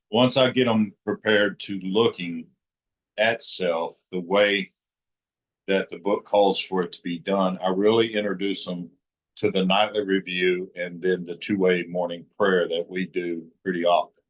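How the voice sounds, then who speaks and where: A man's voice: low voice, a bit bright, poor audio. A man on a recovery panel explaining how he guides the men he sponsors, plainspoken and folksy. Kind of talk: casual explaining.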